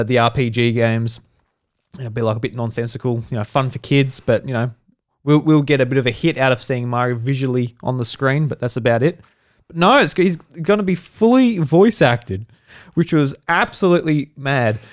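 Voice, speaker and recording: Laughing Australian man co-hosting a podcast. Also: mid-range voice. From South Australia. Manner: laughs often, swears, acts out quotes. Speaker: podcast co-host. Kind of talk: casual chat.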